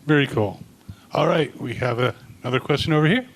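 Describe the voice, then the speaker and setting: A man's voice: mid-range voice, fast, slight background noise. A man moderating a convention panel, asking casual questions and fielding fan questions.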